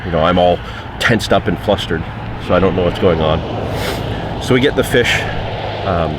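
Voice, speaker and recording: A man's voice: deep voice, moderate pace, background noise. A man recounting a fishing trip in a casual spoken anecdote, conversational and full of fillers.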